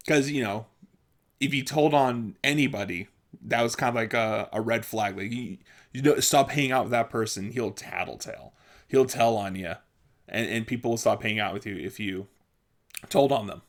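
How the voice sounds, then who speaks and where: A young man rambling through childhood stories in a casual vlog, often laughing and jumping loud and high when he acts out what people said. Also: normal speed. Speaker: vlogger. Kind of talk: casual storytelling monologue.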